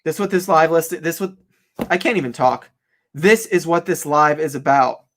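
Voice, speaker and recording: An excitable young man chats on a casual live stream with a voice pitched a little higher than most men's. He laughs often and talks straight to his viewers, thinking out loud as he works. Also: normal speed, a little hiss or hum. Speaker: online reseller hosting a live stream. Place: home office.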